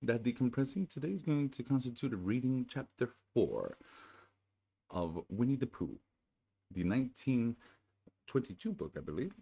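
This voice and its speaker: A man hosting his channel in casual chat, then reading a storybook aloud in a soothing, unhurried way. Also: mid-range voice, lively intonation, vocal fry, dark tone, slightly rough. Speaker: channel host.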